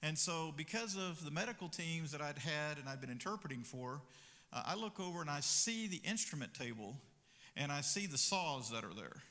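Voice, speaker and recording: A man preaching a sermon and telling a personal story in a conversational way, with fillers and quick asides. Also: fairly high pitch, animated, pushed and bright. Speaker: pastor. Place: church sanctuary. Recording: reverberant church hall.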